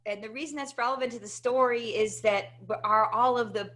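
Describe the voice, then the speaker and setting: A woman guest in an interview, telling a personal story with animated energy and often checking in with "right?". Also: a little high, brisk. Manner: animated, tags many sentences with "right?". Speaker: interview guest, motivational speaker.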